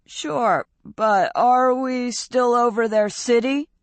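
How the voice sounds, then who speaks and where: Nervous teen boy, woman narrator; raised pitch, anxious questions. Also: slow, no echo. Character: nervous teenage boy, jittery and doubtful.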